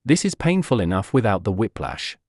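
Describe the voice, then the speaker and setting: A man's voice: lowish voice, very animated, brisk, a little mellow, no echo. A man voicing Wizzy, a gloomy hooded young man who mutters dry, sarcastic remarks in a storybook reading.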